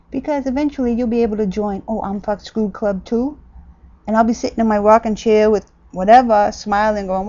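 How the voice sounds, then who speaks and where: A woman ranting bluntly and sarcastically in a casual vlog, jumping from loud outbursts to low mutters. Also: highs cut off. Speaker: vlogger.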